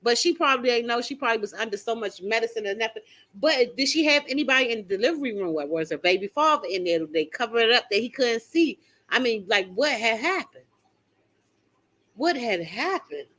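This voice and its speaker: A woman's voice: fairly high pitch, lively intonation, fast, a bit bright. An older woman hosting a casual live stream, talking emphatically and straight to her viewers as she reads and answers their comments. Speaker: channel host reading viewer comments.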